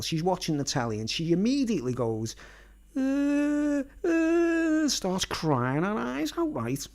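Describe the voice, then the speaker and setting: A man telling a rambling personal story in casual slang, constantly checking in with his listeners. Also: a little high. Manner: colloquial, nonstandard grammar. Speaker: vlogger.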